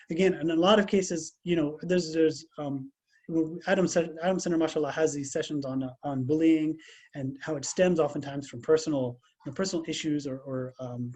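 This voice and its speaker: A man's voice: on the high side, slightly rough. A man giving a casual religious lesson over a video call, talking conversationally and telling stories with lots of restarts. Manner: conversational, animated storytelling with many restarts. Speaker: Islamic class teacher.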